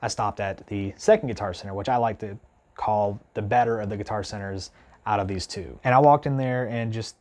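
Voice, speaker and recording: A man's voice: on the low side, a little fast. A man vlogging casually to camera, telling an indignant story in a rambling way, full of "like" and "you know". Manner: animated, indignant retelling with many restarts. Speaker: guitar vlogger.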